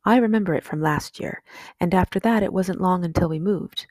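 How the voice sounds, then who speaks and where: A woman's voice: on the low side, a little fast, darkish tone, no echo, lightly acted. A woman doing a sick, serious young boy. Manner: serious, thoughtful. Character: sickly young boy, serious but calm.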